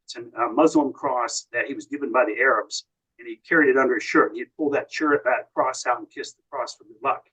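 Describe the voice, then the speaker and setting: A man's voice: mid-range voice, steady tone, brisk, bright, forceful tone, breathy edge, low-quality recording. An American man, a podcast guest, telling long family and wartime stories in a casual way, often quoting what others said. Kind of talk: casual storytelling.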